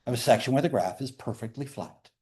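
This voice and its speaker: A man in his fifties giving a classroom calculus lecture, lively and conversational with playful asides to students. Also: medium pitch, fast talker. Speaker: math lecturer.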